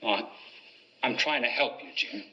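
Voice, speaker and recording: A man's voice: medium pitch, moderate pace, pushed and bright, dull audio. An actor playing an overbearing middle-aged father who coaxes and pushes his son. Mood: pushy. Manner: pushy, coaxing.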